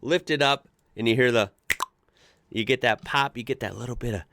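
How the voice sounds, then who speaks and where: A man's voice: mid-range voice, moderate pace, fairly bright tone, dry recording. An American man hosting a casual commentary show, chatty and amused as he reads posts aloud and adds his own asides. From United States. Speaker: host reacting to online posts.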